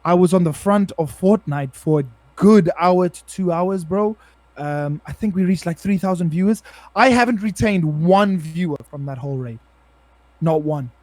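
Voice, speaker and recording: A young man with a South African accent, chatting casually and slangily on a podcast. His voice sits a little high for a man. The sound is dry and close, with no room echo. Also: moderate pace, darkish tone. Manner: laid-back slangy, says bro often. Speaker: guest streamer.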